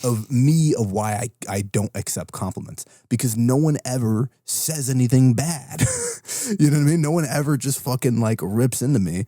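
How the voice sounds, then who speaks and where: A man's voice: medium pitch, animated, normal speed, dark tone, dry recording, studio quality. A man co-hosting a podcast in casual chat, ranting with plenty of swearing and laughter. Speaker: podcast co-host.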